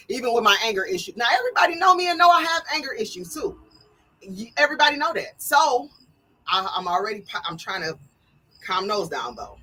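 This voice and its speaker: Woman podcast co-host, AAVE, loud and laughing, bright husky voice. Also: a little high, a little fast, low-quality recording. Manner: loud, laughs often, animated. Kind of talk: casual chat.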